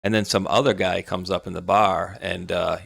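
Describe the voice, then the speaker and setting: A man's voice: low-pitched, steady tone, moderate pace, creaky, fairly bright tone, dry recording. A man co-hosting a live talk show, telling long rambling anecdotes in a casual way. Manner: rambling anecdotes with self-interruptions. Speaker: co-host. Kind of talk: casual storytelling chat.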